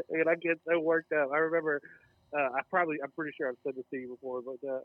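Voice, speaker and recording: A man's voice: on the high side, fairly quick, no room sound, phone-quality sound. A man co-hosting a casual podcast chat, swearing freely and getting worked up as he talks. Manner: excitable, profane, gets worked up. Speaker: podcast co-host.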